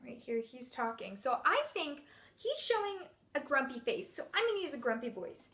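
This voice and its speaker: Upbeat teacher lady talking to little kids, super high voice, echoey room. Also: normal speed. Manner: animated, encouraging, sing-song. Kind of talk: recorded reading lesson for young children.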